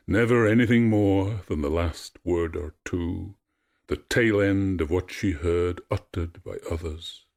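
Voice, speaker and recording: A man narrating a myth in a measured, expressive storytelling voice. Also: sits low.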